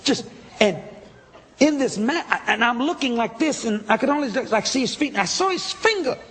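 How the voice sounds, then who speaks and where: A man preaching a testimony sermon, telling his story with excitable emphasis and sudden shouts. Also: extremely high pitch, normal speed, long reverb tail.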